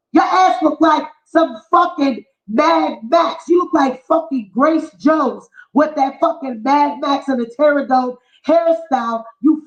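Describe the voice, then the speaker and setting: A woman vlogger delivering a heated, mocking, profanity-filled commentary rant. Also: sits high. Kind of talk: ranting commentary vlog. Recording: echoey, dull lo-fi room sound.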